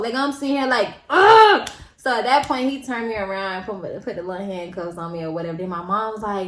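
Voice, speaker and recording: Animated young woman telling a story. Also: fairly quick. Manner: animated, slangy, acts out quotes with big pitch jumps. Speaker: vlogger. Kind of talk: casual storytime. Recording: echoey room with faint ambience.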